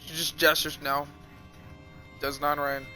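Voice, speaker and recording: A man telling a story on a live stream, swearing often in a loose, animated way. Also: a little high, measured pace. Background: music.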